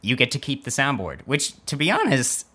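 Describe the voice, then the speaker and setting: A young man chatting on a casual podcast, teasing his co-host and joking about how badly the episode is going. His voice is bright and forceful. He sits in the middle of the usual pitch range for a man. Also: wildly swooping pitch, fairly quick. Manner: teasing, self-deprecating, jokey.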